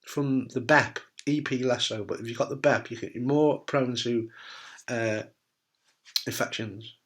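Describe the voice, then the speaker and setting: Brief: middle-aged man from the UK, blunt and jokey straight talk, medium-pitched voice, casual swearing. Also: steady tone, a little slow. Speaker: testicular cancer survivor giving advice. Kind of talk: candid casual talk to camera.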